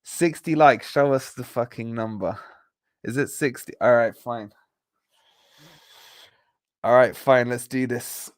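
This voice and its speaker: Male streamer, casual, chatty, reads chat aloud, mid pitch, dry close sound. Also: fairly even intonation, slow, long pauses, no echo. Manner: chatty, reads out viewer comments, jokey banter. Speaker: livestream host reading chat. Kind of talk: casual late-night live stream chat.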